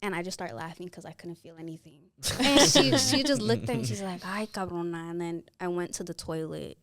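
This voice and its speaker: A woman's voice: lowish voice, a little fast, crowd noise. A woman in her twenties telling a story as a podcast guest on a close mic, acting out the people in it. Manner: animated, acts out the people in her stories. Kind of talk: casual storytelling.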